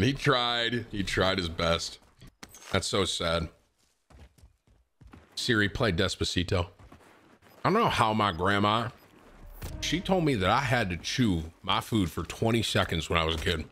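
Lively bright-voiced male streamer. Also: lowish voice, measured pace, pauses often, slight background noise. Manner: excitable, talks while eating. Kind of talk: casual gameplay commentary.

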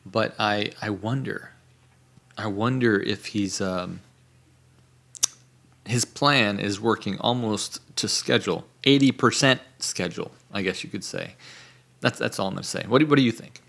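A man co-hosting a podcast in casual chat, halting and restarting as he thinks aloud. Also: lowish voice, gravelly, fairly bright tone. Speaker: podcast co-host.

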